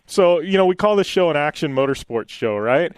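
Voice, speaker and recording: A man's voice: a little high, animated, brisk, clean tone, no room sound. An American man hosting a radio show, chatting in a rambling way with frequent laughs and fillers. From United States. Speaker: radio host. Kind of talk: casual radio chat.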